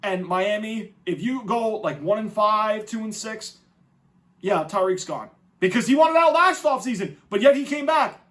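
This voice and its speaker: High-voiced ranting sports podcast host. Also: male voice, normal speed. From New England, United States. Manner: animated, mocking, profane rants. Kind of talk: casual sports commentary.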